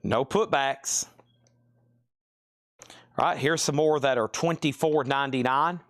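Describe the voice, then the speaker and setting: A man hosting a live online vinyl sale, briskly rattling off titles, prices and buyer names in a casual sales patter. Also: a little high, steady tone, fairly bright tone, no room sound, clean studio sound.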